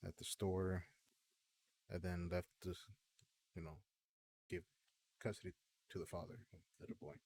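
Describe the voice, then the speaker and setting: A man's voice: deep voice, little pitch movement, normal speed, pauses often, darkish tone, slight background noise. A man chatting casually on a stream, laid-back and rambling, with many fillers. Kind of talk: casual chat.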